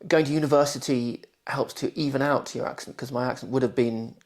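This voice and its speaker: Forties man, posh southern English accent, slightly gravelly, very clear careful diction; reads and answers questions. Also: mid-range voice, steady tone, fairly quick. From London, England. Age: 40s. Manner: careful, clearly pronounced speech. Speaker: interviewee. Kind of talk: reading test passages, then interview answers.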